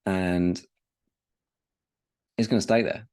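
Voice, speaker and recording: A man's voice: sits low, steady tone, slow, darkish tone, clean tone. A man co-hosting a casual football podcast, rambling and repeating himself as he talks, with the odd casual swear word. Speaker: podcast co-host.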